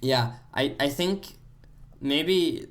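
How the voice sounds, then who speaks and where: A man's voice: fairly high pitch, drawn-out words, fairly bright tone. Musing man full of "like" fillers. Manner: thoughtful, heavy use of "like" fillers. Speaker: podcast co-host. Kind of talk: casual chat about video games.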